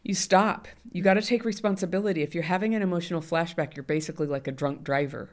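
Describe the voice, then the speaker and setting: A woman's voice: lowish voice, fairly even intonation, quick pace. A middle-aged woman, a guest in an interview, talking candidly and animatedly, often laughing. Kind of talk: conversational interview.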